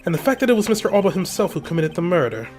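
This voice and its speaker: A man voicing a composed, stern male prosecutor in measured game dialogue. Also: high-pitched, sing-song, a little mellow, faint music behind, pitched above the performer's own voice. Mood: serious. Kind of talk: reading game dialogue aloud.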